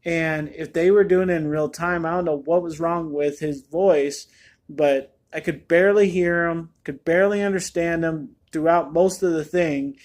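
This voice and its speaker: A man's voice: a little high, a little mellow. A man giving a casual spoken movie review, candid and rambling with many fillers.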